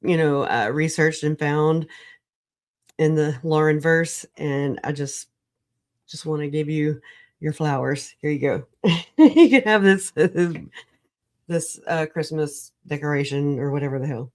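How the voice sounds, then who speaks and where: A woman on a livestream video call, recovering from an illness, talking in an animated, rambling way, laughing often and swearing. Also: sits low, slow pace. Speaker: livestream guest. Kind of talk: casual livestream chat.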